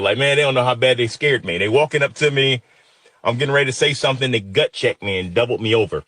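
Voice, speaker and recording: A man in his fifties, raised partly in Detroit, tells a painful story from his youth. He speaks with intensity and feeling at a medium pitch. His voice sounds dry and close. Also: fairly bright tone, dry recording. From Detroit, USA. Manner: intense, emotional, vivid retelling. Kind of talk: personal storytelling.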